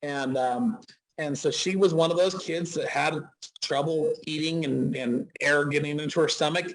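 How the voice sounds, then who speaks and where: A man's voice: on the high side, moderate pace, poor audio. A man in his forties from Utah, a dentist guest telling a chatty, anecdotal story in a casual interview, with frequent restarts. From Utah, USA.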